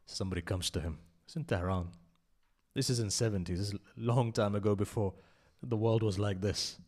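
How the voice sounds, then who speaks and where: A man giving an impassioned sermon at a memorial gathering, telling a story and swinging between loud emphasis and hushed asides. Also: fairly low pitch, fairly even intonation, brisk. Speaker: speaker at a memorial majlis.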